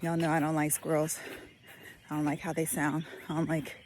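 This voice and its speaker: A slightly breathless woman with a lilt talks through her thoughts as she walks outdoors. Her voice sits on the lower side and she pauses often to think. Faint birdsong and outdoor ambience sit behind her. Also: flat delivery, darkish tone, a little hiss or hum. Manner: thoughtful, musing, many fillers. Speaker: vlogger. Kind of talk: casual spoken reflection while walking. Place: outdoors on a walk.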